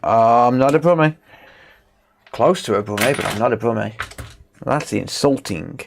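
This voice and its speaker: A man's voice: mid-range voice, expressive, moderate pace, vocal fry, background noise. A man with a Black Country accent gives casual live-stream commentary while he repairs electronics. He jokes with viewers and answers their chat, talking on rechargeable wireless microphones at his workbench. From England, West Midlands (Dudley).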